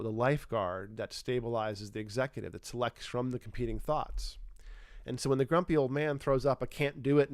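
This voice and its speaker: A man's voice: medium pitch, clean tone, no echo, studio quality. A man explaining brain science in an unscripted livestream, thinking aloud with fillers and restarts. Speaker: neuroscience educator.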